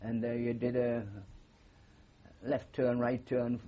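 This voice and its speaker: Here the same kind of speaker, an older man with a Geordie accent who fought in the war, talks slowly and in a monotone at mid-range pitch. His oral history interview wanders from story to story with frequent fillers, captured on a muffled recording.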